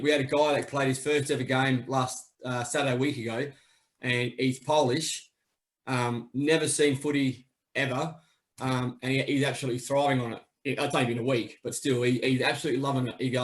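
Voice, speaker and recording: A man's voice: medium pitch, flat delivery, brisk. An Australian man, a PE teacher, chatting in a jokey way on a video call. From Adelaide, Australia. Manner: jokey, laughs easily. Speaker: club member and PE teacher. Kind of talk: casual chat on a video call.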